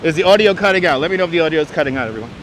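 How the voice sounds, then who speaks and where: Wry, bright-voiced man on a windy beach. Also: fairly high pitch, animated, very fast. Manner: wry, joking, mock-announcer asides. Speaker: livestream host. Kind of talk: casual livestream chat reading viewer comments. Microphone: wireless clip-on mic. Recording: faint wind and surf noise.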